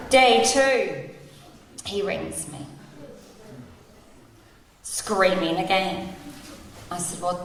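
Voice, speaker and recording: With a mid-range voice and lively intonation, a woman in her forties draws out her words and leaves long pauses as she tells her story at a recovery meeting, wry and candid, laughing through painful memories. The recording is distant and echoey in a large convention hall, with crowd noise.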